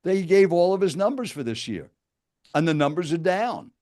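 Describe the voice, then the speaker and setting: An older man leads an interactive seminar for speakers. His voice sits a little high, and he tells his story directly to the people listening. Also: sing-song, moderate pace, a little mellow. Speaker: presenting speaker.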